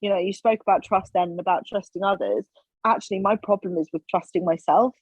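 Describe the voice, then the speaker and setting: This woman has a mid-range voice with a breathy edge and talks fairly quickly. She's a podcast guest sharing stories in relaxed chat, animatedly voicing what others said. There's no room sound, and the recording comes across as dry and slightly dull.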